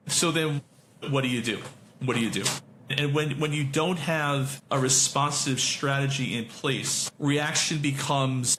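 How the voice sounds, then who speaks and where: A man chatting casually as a podcast co-host, his bright voice ringing in an echoey room with a faint hiss. He tells stories in a rambling way and keeps correcting himself and starting sentences over. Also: mid-range voice, normal speed. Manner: rambling storyteller, many self-corrections and restarts. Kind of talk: casual chat.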